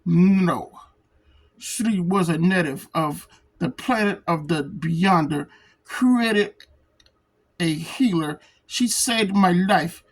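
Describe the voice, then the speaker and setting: Woman doing a grave, gentle giant of a man. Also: fairly low pitch, slow, pitched below the performer's own voice, poor audio. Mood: solemn. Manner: reading comic dialogue aloud. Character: gentle, solemn giant of a man with a Russian farm upbringing.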